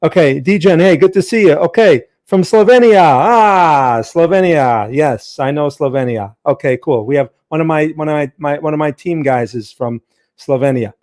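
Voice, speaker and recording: Chatty male stream host, slightly high voice. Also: brisk, a little mellow. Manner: chatty, greets viewers by name, frequent fillers and restarts. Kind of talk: casual live-stream talk.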